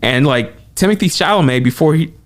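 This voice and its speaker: A man co-hosting a podcast, talking quickly and excitedly in casual movie chat and acting out quotes as he goes. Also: fairly high pitch. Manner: excited, animated retelling with quoted asides. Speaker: podcast co-host.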